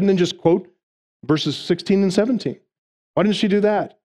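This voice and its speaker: A man's voice: high-pitched, moderate pace, long pauses, warm tone. A man preaching an expository sermon, making numbered points emphatically and acting out quoted lines. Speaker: pastor.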